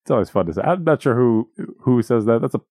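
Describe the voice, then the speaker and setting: Brief: young male podcast co-host, animated pitch, wry teasing tone, dry close mic. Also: fast talker, no room sound. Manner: wry, teasing, laughs easily. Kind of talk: casual comedic chat.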